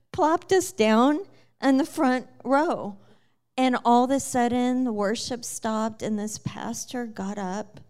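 A woman telling the story of her conversion in a lively, casual way, with many fillers and frequent laughter. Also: on the high side, slow pace, clear, resonant tone. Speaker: guest sharing her testimony. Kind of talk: personal testimony storytelling.

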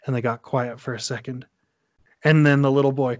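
Animated man retelling a game story. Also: on the high side, fast talker, no echo. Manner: animated retelling, acting out dialogue. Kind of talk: casual podcast chat.

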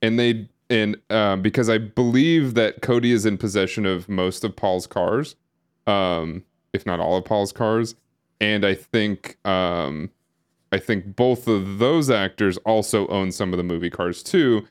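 A man's voice: lowish voice, unhurried. A man co-hosting a podcast in casual chat, rambling and hesitant with lots of fillers and restarts. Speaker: podcast co-host. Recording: live stream podcast recording.

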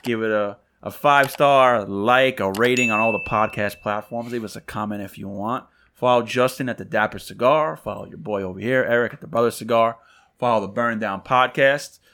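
Male podcast co-host, relaxed and casual, doing the outro. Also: mid-range voice, a little fast, smooth. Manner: relaxed, laid-back sign-off with plugs for the show. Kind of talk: casual chat, signing off the show.

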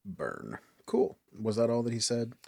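A man's voice: on the low side, very animated, brisk, slightly rough, no echo. A man playing a tabletop game, chatting casually and asking lots of questions in a joking way. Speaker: player.

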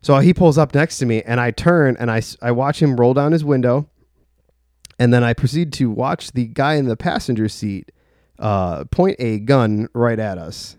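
A man's voice: mid-range voice, moderate pace, darkish tone, no room sound, clean studio sound. A young man telling a personal story in a casual, rambling way, full of filler words and swearing. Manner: rambling, heavy use of "like", profane.

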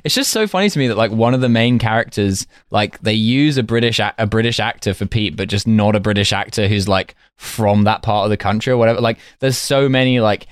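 Joking low-voiced man, casual chat. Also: fairly quick, hardly any pauses, clear, resonant tone, no echo. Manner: joking, dry wit, swears casually. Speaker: podcast co-host.

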